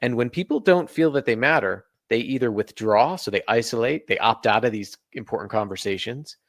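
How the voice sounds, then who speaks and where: A man's voice: mid-range voice, lively intonation, a little fast, no room sound, clean studio sound. A man being interviewed on a podcast, explaining his points earnestly and laying them out in order. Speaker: guest.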